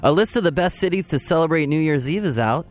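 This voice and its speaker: Deadpan co-host man with lively pitch. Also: fast talker, soft background music. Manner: dry, deadpan one-liners. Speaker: radio show co-host. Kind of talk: casual news banter.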